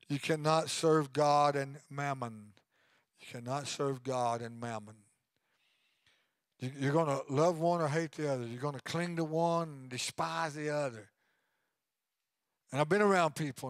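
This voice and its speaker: A man in his sixties preaching a sermon as pastor, swinging between loud preaching and quiet asides. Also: fairly high pitch, no room sound.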